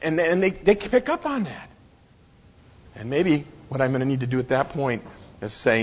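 A man preaching a sermon, pausing for effect and voicing the quotes he reads. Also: mid-range voice, animated, in a large hall. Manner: preaching with dramatic pauses and voiced quotes. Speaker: pastor.

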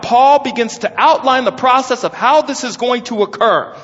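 High animated male preacher in a hall. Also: moderate pace, hardly any pauses, slightly rough. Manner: emphatic, exclaims and stretches words. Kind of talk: expository sermon. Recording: lo-fi with long hall reverb.

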